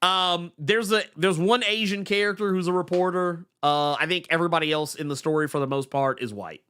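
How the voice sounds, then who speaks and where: A man co-hosting a podcast, chatting casually about comics with animated stammering restarts. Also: high voice, brisk, smooth. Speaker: podcast co-host. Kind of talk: casual comic book chat.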